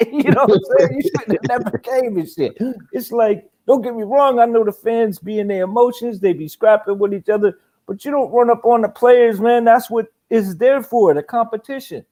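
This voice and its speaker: A man hosting a casual boxing talk show, animated and profane, laughing often as he rants. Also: very high-pitched, normal speed. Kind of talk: casual chat.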